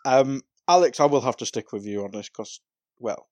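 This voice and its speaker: A man's voice: medium pitch, normal speed, no echo. Rambling man with a dry voice. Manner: relaxed, rambling, laughs often, sighs. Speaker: podcast co-host. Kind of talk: casual wrestling chat.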